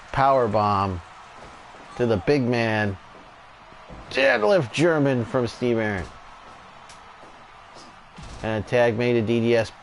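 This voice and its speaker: Over footage of a wrestling video game, a man with a mid-range voice gives relaxed, chatty play-by-play, drifting into tangents now and then. There's slight background noise.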